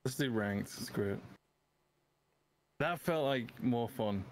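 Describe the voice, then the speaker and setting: A man's voice: mid-range voice, takes it slowly. A man chatting casually and teasing while playing a video game, often laughing. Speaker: streamer. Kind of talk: casual gaming chat.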